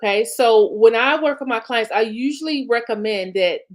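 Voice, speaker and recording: A woman's voice: fairly high pitch, moderate pace. A woman business coach, talking viewers through planning in a chatty, encouraging way. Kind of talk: live-streamed coaching talk.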